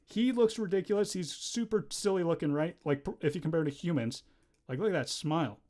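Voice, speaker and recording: A young man chatting casually on a livestream while drawing, rambling and easily distracted, breaking into quick laughs. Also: on the high side, darkish tone. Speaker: livestreamer and animator.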